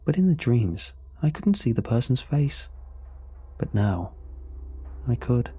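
A man narrating a first-person horror story in a measured, tense way. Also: medium pitch, very animated, warm tone, husky. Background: faint music.

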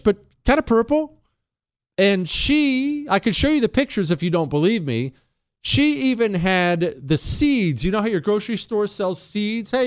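A man hosting talk radio in a lively, emphatic voice that climbs high and swings wide. He rants and jokes at his co-host, then reads ads in the same punchy style. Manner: animated, emphatic, jokey.

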